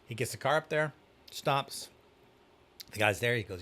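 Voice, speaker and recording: A man's voice: fairly low pitch, normal speed, slight background noise. A man, a pastor, telling a story in casual chat and acting out the dialogue. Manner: animated storyteller, acts out dialogue. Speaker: youth pastor.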